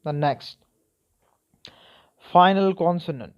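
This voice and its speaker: A man with a fairly high voice teaches spelling rules to a class. He spells words out letter by letter and keeps checking whether the class understands. The recording sounds dull and lo-fi. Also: slow. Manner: spells words letter by letter, asks "okay?" and "clear?". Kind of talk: spelling lesson.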